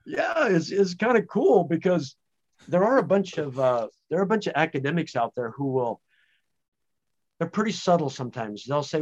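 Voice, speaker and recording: A man who researches home-based education, speaking as an animated, emphatic guest in a conversational podcast interview. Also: a little high, normal speed. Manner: animated, emphatic, frequent restarts. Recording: dull lo-fi audio.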